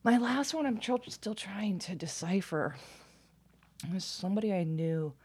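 A woman giving a casual tarot reading, speaking softly and musingly, at times half-whispered. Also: mid-range voice, lively intonation, moderate pace, slightly rough. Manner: soft, musing, partly whispered. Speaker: tarot reader. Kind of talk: casual card reading and reading aloud.

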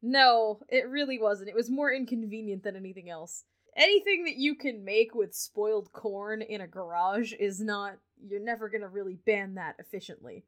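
A woman's voice: medium pitch, moderate pace, fairly bright tone. A young woman hosting a podcast, chatting casually and retelling a history story, laughing often. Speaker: podcast host.

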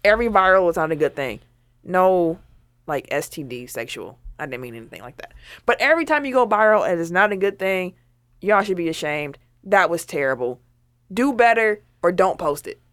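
Woman co-host, sassy scolding tone, lively pitch swings, dry close sound. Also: normal speed, no room sound. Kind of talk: casual commentary chat.

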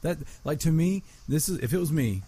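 A man co-hosting a podcast, chatting casually and excitably with lots of fillers. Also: a little high, fairly quick, husky. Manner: excitable, uses filler words like 'like'. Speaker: podcast co-host. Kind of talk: casual chat.

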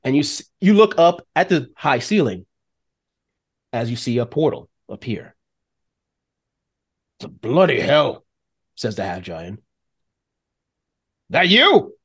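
A man of middling pitch running a tabletop game, describing scenes in an animated way. He often pauses with fillers as he builds the story. His voice has an everyday, even tone. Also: husky. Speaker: game master.

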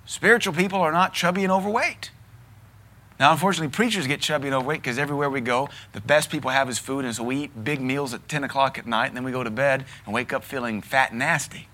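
A man's voice: mid-range voice, fast, bright, forceful tone. A middle-aged man with a Southern US accent, preaching a sermon in a blunt, emphatic way with lots of repetition. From American South. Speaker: pastor.

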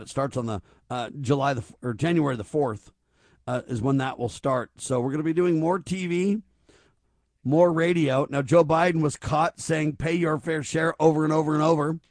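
A man's voice: fairly high pitch, a little mellow, dry recording, clean studio sound. A man hosting a talk radio show, speaking emphatically and stacking rhetorical questions. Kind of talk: conservative talk radio commentary.

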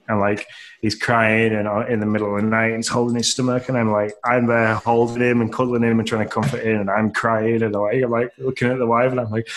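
A man in his thirties, co-hosting a podcast and telling a rambling, self-deprecating story full of fillers. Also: on the low side. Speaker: podcast co-host. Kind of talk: casual chat, storytelling.

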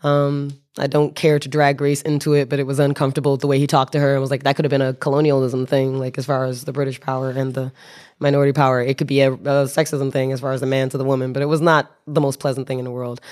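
A woman telling a story as a podcast guest, animated, laughing and restarting her sentences. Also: a bass voice, fast talker. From United States. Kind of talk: casual storytelling.

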